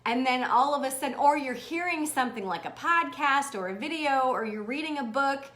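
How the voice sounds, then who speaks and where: A woman hosting a live motivational stream in a bubbly, animated manner, laughing often and swearing casually. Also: high-pitched, fairly quick. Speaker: host. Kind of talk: livestream motivational talk.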